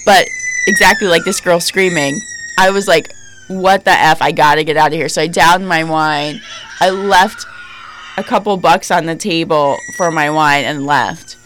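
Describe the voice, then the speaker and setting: A woman podcast host in her thirties tells a story in a lowered, spooky voice. She is chatty, emphatic and full of fillers. Soft music plays faintly behind her. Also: moderate pace, low-quality recording. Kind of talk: casual storytelling.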